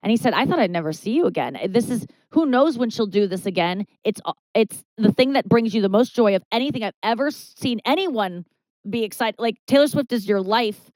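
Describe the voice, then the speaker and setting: Animated woman comedian telling a story. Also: brisk, dry recording, rough recording. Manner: animated, jumps high when quoting herself and others, swears, stammers. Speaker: comedian guest. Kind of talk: candid talk-show storytelling.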